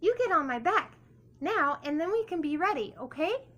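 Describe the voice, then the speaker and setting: A woman's voice: very high-pitched, very animated, normal speed, fairly bright tone, pitched above the performer's own voice, full character voice. A woman voicing an eager young male duck, persuasive and upbeat. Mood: coaxing.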